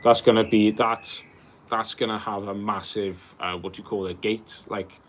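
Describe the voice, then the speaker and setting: A Welsh man in his twenties hosts a livestream, answering viewer questions in loose, rambling chat where he calls people bro and fills pauses with um and like. His voice is on the low side, with fairly even intonation and a normal speed.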